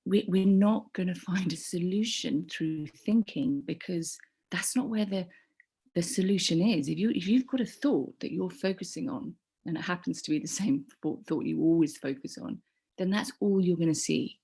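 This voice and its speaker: A middle-aged woman telling a personal story in a halting, rambling way, with many restarts and soft whispered asides. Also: lowish voice, creaky, slightly rough. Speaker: community group member.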